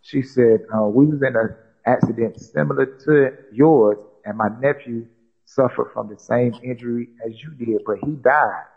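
A man's voice: mid-range voice, normal speed, creaky, breathy edge, dull audio. A man from South Carolina, a podcast guest recounting a personal story and quoting others with many "she said" tags. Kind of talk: storytelling in conversation.

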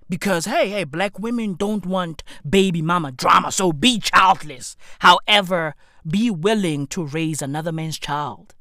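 A man hosting a comedy podcast, ranting in a profane, excitable way with incredulous outbursts. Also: high voice, unhurried, few pauses, no echo, studio quality. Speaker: podcast host. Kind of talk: comedic rant.

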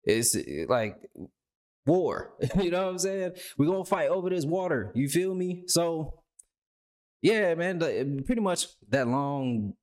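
A man's voice: sing-song, a little slow, a little mellow. A man hosting a podcast, talking in a rambling, casual way, swearing freely and restarting his words. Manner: rambling, profane, repeats words, voices imagined people with a raised pitch. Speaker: podcast host. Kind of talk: casual commentary.

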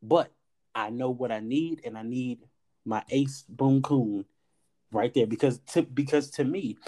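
A man in casual podcast chat, telling a personal story with animated energy. He acts out the lines people said to him and drops the odd curse word. His voice sits at an ordinary middle pitch. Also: unhurried. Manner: animated storyteller, acts out quoted dialogue, swears. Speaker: podcast host.

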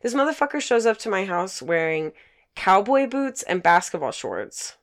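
A woman in her twenties telling a profane, animated story in casual chat, acting out quotes. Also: mid-range voice, moderate pace.

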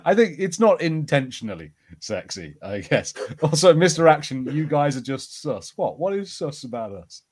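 A man's voice: a little high, very animated, moderate pace, few pauses, husky. A man co-hosting a podcast, chatting casually with frequent laughs and hesitant ums. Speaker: podcast co-host.

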